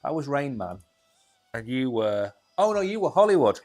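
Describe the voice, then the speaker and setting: Brief: male co-host, animated pitch, joking banter, soft music bed. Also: normal speed. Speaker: co-host of a crypto stream. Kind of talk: casual chat.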